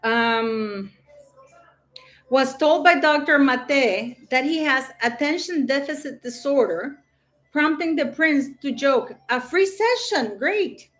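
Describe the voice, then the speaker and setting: Woman, livestream host, loose rambling chat, slightly raised pitch, leans on fillers. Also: takes it slowly, a bit bright. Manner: rambling, chatty, lots of "you know".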